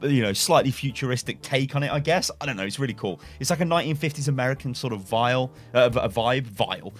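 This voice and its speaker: A young man thinks out loud in front of his webcam, reading bits of text and guessing at what they mean. His voice rises and falls a lot as he rambles, stumbles over words and corrects himself with little chuckles. Faint music plays behind him. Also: mid-range voice, lively intonation, quick pace. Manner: rambling speculation with frequent self-corrections and chuckles. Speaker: gaming YouTuber. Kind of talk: casual reaction commentary and reading aloud. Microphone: webcam setup at a desk.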